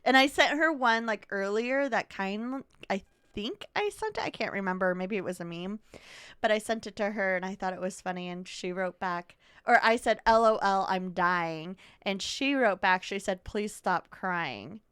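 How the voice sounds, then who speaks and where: A woman's voice: medium pitch, normal speed, fairly bright tone, clear, resonant tone, no echo, clean studio sound. A young adult woman co-hosting a podcast in casual chat, rambling through stories and giggling often. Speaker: podcast co-host.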